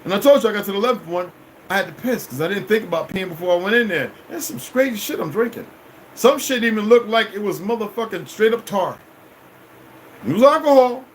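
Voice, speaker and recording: A man's voice: high-pitched, a little hiss or hum, rough recording. A middle-aged man telling a long personal story as a vlogger, in a rambling, profane, emphatic way. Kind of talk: casual storytelling monologue.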